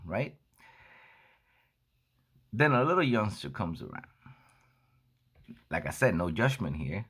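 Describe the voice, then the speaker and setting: A man's voice: on the low side, sing-song, fairly bright tone, husky. A man who sells coffee, telling a story in a casual monologue and acting out the dialogue as he retells it. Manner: unhurried, acts out dialogue in his retelling. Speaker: coffee seller and vlogger.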